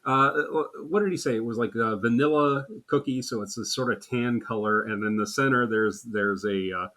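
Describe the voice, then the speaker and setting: A man's voice: mid-range voice, normal speed, a bit bright. A man co-hosting a casual chat podcast, laughing often and acting out quotes as he talks. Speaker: podcast co-host.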